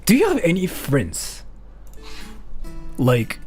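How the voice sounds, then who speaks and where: A speaker from Japan, chatting casually on a livestream while reading donations, lively and giggly. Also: medium pitch, takes it slowly, faint music behind. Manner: animated and giggly, peppered with "like" and "freaking".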